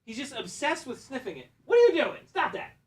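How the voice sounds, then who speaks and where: Excitable guy flying drones on stream, laughs a ton, curses, very up and down voice. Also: very high voice, a little fast. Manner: excitable, laughs often, swears, talks to his dog. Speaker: FPV drone pilot and streamer. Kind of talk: casual live-stream chat while flying.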